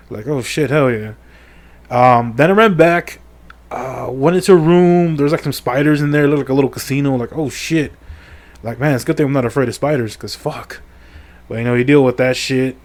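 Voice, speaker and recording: A man's voice: mid-range voice, a little mellow. A middle-aged man casually retelling a video game story, crude and full of swearing and fillers. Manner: crude, profane and joking, with lots of fillers. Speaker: video creator. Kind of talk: casual rambling game recap.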